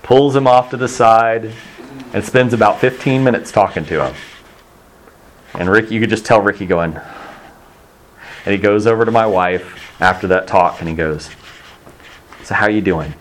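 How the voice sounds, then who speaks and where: A man's voice: lowish voice, normal speed, pauses often, a little hiss or hum. A middle-aged man from Texas preaching a sermon in a conversational, storytelling way, acting out the voices he quotes.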